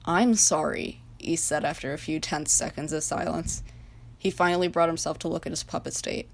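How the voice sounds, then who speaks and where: A woman narrating a fan-made story in a calm, even reading voice. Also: deep voice, brisk, creaky. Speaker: reader of her own fan fiction.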